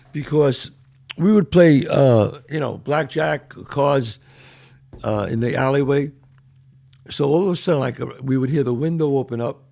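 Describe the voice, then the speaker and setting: An older man with a New York accent, telling neighborhood stories as a podcast host in a casual, animated way. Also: medium pitch, gravelly. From the Bronx, New York. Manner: animated, loud when quoting, trails off quietly. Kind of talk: casual storytelling.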